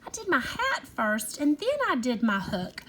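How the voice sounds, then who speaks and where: A woman teacher leading a young children's phonics lesson, stretching words in an animated, sing-song way. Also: high voice, measured pace, a little hiss or hum.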